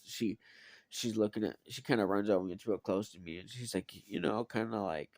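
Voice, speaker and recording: A man telling a personal story in a casual, profane, animated way, full of fillers. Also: on the low side, fairly quick, no room sound, clean studio sound. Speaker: vlogger.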